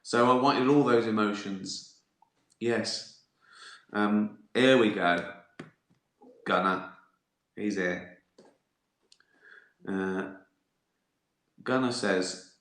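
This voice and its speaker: A man's voice: on the low side, drawn-out words, pauses often, fairly bright tone, roomy sound. A man hosting a casual live-stream Q&A, reading out viewer questions and answering them with jokes and swearing. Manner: sweary, jokey and teasing.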